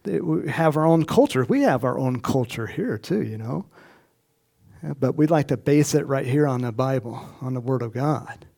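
A man's voice: medium pitch, lively intonation, normal speed, vocal fry, mellow. A pastor preaching a sermon in a casual, storytelling way, often talking directly to his congregation. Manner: storytelling, acts out Bible characters in voices; conversational with asides to the congregation.

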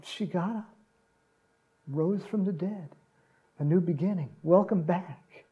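A man preaching a sermon, retelling a gospel story with animated storytelling and acted-out lines. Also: sits high, a little slow, slightly rough, dull audio. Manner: animated storytelling, acts out quotes, laughs often.

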